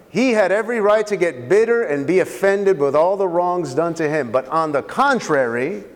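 A man with a high, lifted voice preaching a sermon in a church hall with a long reverb tail. He asks the congregation questions and repeats key phrases to drive them home. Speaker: pastor.

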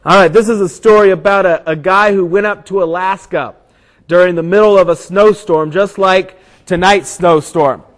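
High-voiced preacher telling a story. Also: male voice, moderate pace, rough recording. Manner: animated storyteller, builds to shouts at the climax. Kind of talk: storytelling sermon.

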